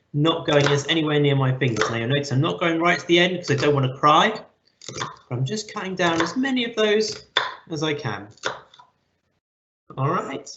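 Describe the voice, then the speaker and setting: A man's voice: a little high, fairly bright tone, slight background noise. A man giving a patient, step-by-step live online cooking lesson to children from a kitchen. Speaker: cookery teacher. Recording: echoey, slightly dull audio.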